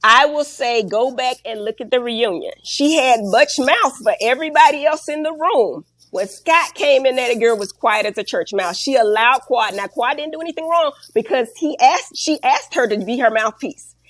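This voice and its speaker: A woman's voice: high voice, moderate pace, few pauses, a bit bright, no echo. A woman in her forties telling a story bluntly and animatedly in an interview, with slang and profanity, emotional and close to tears. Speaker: guest. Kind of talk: candid interview talk.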